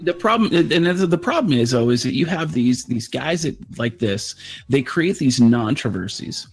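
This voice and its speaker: A man's voice: medium pitch, expressive, normal speed, slightly rough. A man co-hosting, talking in a wordy, scornful, profane way. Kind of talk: casual chat.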